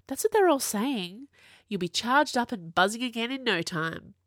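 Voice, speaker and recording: A woman's voice: a little high, expressive, normal speed, no echo, voice pushed up, natural voice. A brash young witch, teasing and emphatic, her voice leaping up and down, as a woman narrator plays her. Close and dry, with no room sound. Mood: lively. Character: brash young witch, sharp-tongued, fiercely loyal.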